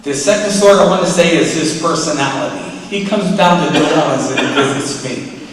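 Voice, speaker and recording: A man giving an animated storytelling speech at an award ceremony, acting out the voices in his stories. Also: a little high, normal speed, crowd noise. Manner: animated, acts out quoted voices. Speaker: award acceptance speaker. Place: large hall. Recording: echoey hall, mic from a distance, faint ambience.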